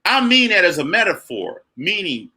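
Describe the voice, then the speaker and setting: A man's voice: high voice, wildly swooping pitch, normal speed, bright, forceful tone. A man co-hosting a podcast in casual, blunt, profane chat. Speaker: podcast co-host.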